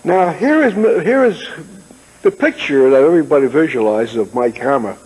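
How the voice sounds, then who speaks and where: A man's voice: on the high side, animated, normal speed, a little mellow, husky, big-room sound, low-quality recording. A man, telling rambling anecdotes as an interview guest and acting out the people he quotes. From United States. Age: 80s. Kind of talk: casual interview, storytelling.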